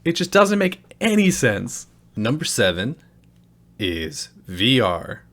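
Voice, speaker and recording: A young man hosting a gaming video, giving a sarcastic, profane, exasperated rant review. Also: mid-range voice. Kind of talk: ranting game review.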